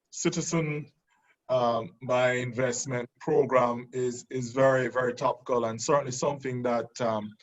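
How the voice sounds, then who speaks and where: A man hosting a webinar segment over a video call, speaking hesitantly with many fillers and restarts. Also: medium pitch. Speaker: segment host. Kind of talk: webinar moderation. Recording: muffled video call audio.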